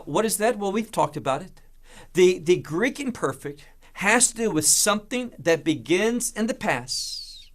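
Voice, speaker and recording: A man's voice: on the high side, fairly bright tone. Emphatic man teaching scripture. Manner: asks rhetorical questions and answers them; emphatic, dramatic delivery. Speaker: Bible teacher. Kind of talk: verse-by-verse Bible teaching.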